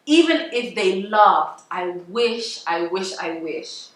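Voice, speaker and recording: A woman's voice: medium pitch, expressive, slow, echoey room, rough recording. A woman, chatting casually and confessionally to camera as a vlogger, laughing often. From England. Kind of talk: casual vlog talk to camera.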